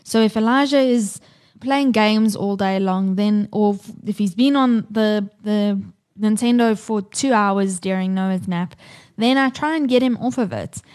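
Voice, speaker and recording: A woman's voice: medium pitch, unhurried, a little mellow. A woman in her thirties co-hosting a podcast, talking candidly and swearing freely about family life. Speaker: podcast co-host. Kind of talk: casual chat.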